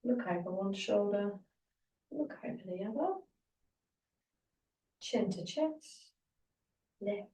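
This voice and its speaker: A woman teaching a guided Pilates session, giving calm, encouraging step-by-step cues for breathing and movement. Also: mid-range voice, far from the mic. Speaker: Pilates instructor. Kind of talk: guided exercise class. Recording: roomy echo, voice from off the mic.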